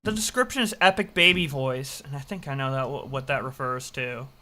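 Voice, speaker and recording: Brief: reaction streamer, bright and punchy, swears a lot, laughs at their younger self. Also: medium pitch, brisk. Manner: swearing, excitable, self-mocking. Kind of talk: casual reaction commentary.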